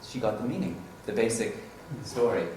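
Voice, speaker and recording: A man's voice: on the low side, moderate pace, darkish tone. Man giving a rambling classroom talk. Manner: rambling, self-correcting, chuckling. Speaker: presenter at a teaching conference. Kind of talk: casual conference talk. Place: conference room. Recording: roomy, distant mic with faint hiss.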